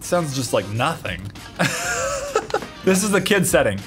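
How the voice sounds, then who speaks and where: A young man hosting a casual comedy vlog, reviewing products in a goofy, excitable, jokey way. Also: on the high side, unhurried, over loud music. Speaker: host.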